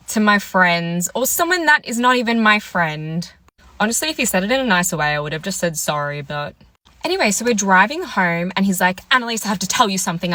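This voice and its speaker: Young woman doing storytime, bright voice, dry close sound, chatty and fed up. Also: medium pitch, no room sound. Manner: chatty, exasperated retelling with quoted dialogue. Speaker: storytime vlogger. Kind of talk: casual storytime monologue.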